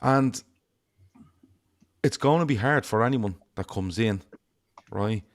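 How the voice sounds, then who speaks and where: Regular panelist, man, lower voice, blunt, swears, emphatic. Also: takes it slowly. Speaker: fan show panelist. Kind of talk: casual chat.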